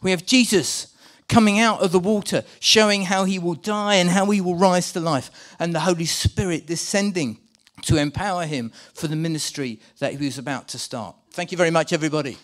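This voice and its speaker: A man preaching a sermon in church, animated and full of restarts as he directs volunteers acting out a scene for the congregation. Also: high voice, brisk, hardly any pauses. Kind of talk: sermon with live volunteer re-enactment.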